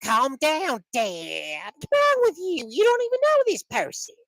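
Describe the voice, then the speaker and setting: Exasperated cartoon kid, high and swooping whine. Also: male voice, huge pitch swings, measured pace, vocal fry, a bit bright, dry recording, heavily acted. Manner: whiny, exasperated. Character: exasperated young cartoon son.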